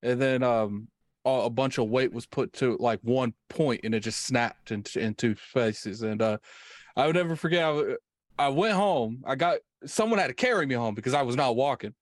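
A man chatting in a relaxed way, stopping and restarting as he tells a story. His voice is mid-pitched and sounds close and dry. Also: no echo. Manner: laid-back, halting storyteller. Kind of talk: casual chat.

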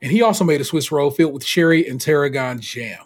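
A man co-hosting a podcast, recapping in a casual, slangy, animated way and laughing often. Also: fairly high pitch, fast, breathy edge. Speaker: podcast co-host.

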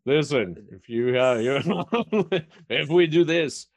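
A man's voice: a little high, expressive, slow, vocal fry, no echo, pitched above the performer's own voice, full character voice. A man voicing a bossy wartime dictator with a mock French accent, hammy and wheedling.

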